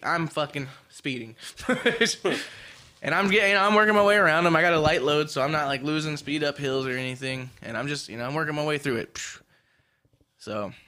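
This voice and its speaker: Bright, profane young man telling stories. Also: medium pitch. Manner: profane, animated storytelling with laughs. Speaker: podcast co-host, truck driver. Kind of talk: casual chat.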